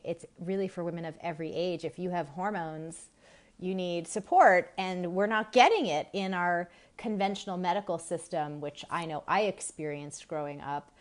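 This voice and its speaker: Chatty live-stream host, a woman in her forties, mid-range voice, laughs easily and calls out viewers' names. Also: mid-range voice. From Massachusetts.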